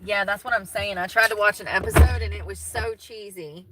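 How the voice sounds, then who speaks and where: A woman's voice: mid-range voice, brisk, very noisy. A woman in her thirties with a Southern US accent, chatting casually and folksily with her viewers and laughing easily. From Southern United States. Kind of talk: casual chat with live viewers.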